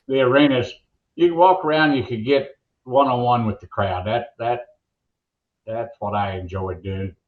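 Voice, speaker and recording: Folksy older Oklahoma man, muffled line. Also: on the low side. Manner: folksy, rambling joke-teller. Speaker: guest, former monster truck announcer. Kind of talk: casual interview storytelling.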